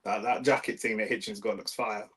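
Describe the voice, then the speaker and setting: A man's voice: fairly low pitch, fairly even intonation, brisk, a bit bright, low-quality recording. A young man with a London accent, hosting a live fight watch-along and chatting casually with slang. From London, England. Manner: slangy, laid-back, swears, reads chat aloud. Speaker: livestream host.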